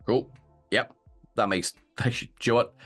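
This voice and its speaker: A man with an Irish accent co-hosting a casual TV discussion, animated and given to halting restarts. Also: medium pitch, breathy edge, faint music behind. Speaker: co-host.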